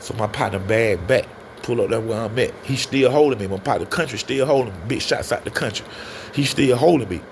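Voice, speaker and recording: A man telling a personal story in a casual, animated way, often turning to his listeners. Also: medium pitch, brisk, a little hiss or hum. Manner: animated, addresses listeners as y'all. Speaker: storyteller guest.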